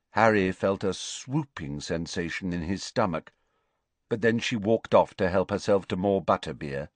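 Slow, expressive male audiobook narrator. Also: on the low side, no room sound. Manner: expressive, measured storytelling. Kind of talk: scripted narration.

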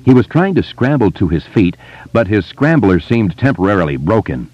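A man narrating an audiobook in an expressive, dramatic manner. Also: on the low side, moderate pace, no room sound. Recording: slightly muffled dry studio.

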